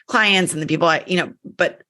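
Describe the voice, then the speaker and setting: A woman's voice: lowish voice, a little fast, pushed and bright. A woman hosting a podcast, chatty and self-deprecating as she sets up her questions. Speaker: podcast host. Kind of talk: casual interview.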